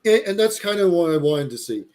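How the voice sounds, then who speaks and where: A man co-hosting a casual live chat about a TV series, animated and prone to slipping into mocking voices. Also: on the high side, brisk. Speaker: podcast co-host.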